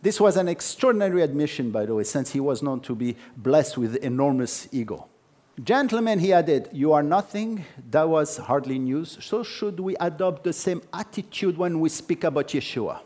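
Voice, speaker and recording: Emphatic preacher, man, fairly high voice. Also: animated, normal speed, hardly any pauses, mellow. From Jewish background, no country stated. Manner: earnest, emphatic, storytelling asides with "okay" and "by the way". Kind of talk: sermon.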